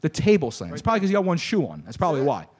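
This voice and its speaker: Fast-talking, high-voiced joking male host. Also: huge pitch swings, a little mellow. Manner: joking, rambling, teasing. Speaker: podcast host. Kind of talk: casual banter. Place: live show in front of a small crowd.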